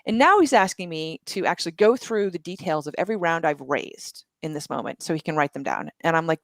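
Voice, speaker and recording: A woman speaking as a podcast guest, lively in her storytelling and full of asides and self-corrections. Her voice sits a little low, and the sound is close and dry. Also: no echo. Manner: vivid retelling with quick asides and restarts. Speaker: guest entrepreneur. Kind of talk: animated storytelling in conversation.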